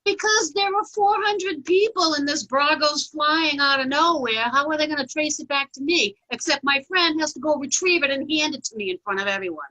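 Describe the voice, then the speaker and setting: Bright animated woman telling a story. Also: high-pitched, a little fast, few pauses, low-quality recording. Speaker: comedian guest. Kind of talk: casual storytelling chat.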